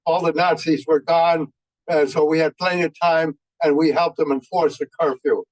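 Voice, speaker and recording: An elderly man in his nineties speaks at a memorial, telling old war stories. His voice sits rather high for a man and sounds dry and close. He talks in a folksy, halting way, with frequent fillers. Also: fairly even intonation, a little mellow, dry recording, rough recording. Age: 90s. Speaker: veteran speaker. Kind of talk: anecdotal war storytelling.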